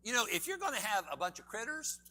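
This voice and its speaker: Emphatic preacher with a high voice. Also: male voice, very animated, quick pace, bright, forceful tone. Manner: emphatic, asks the audience many questions. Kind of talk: sermon. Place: church.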